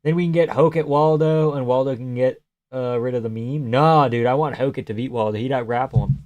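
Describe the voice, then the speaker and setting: A man's voice: medium pitch, a little fast, a little mellow, highs cut off. A man hosting a live stream, reading viewer messages aloud and answering in a loose, joking way that sometimes drops to a near-whisper. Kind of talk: casual live stream chat.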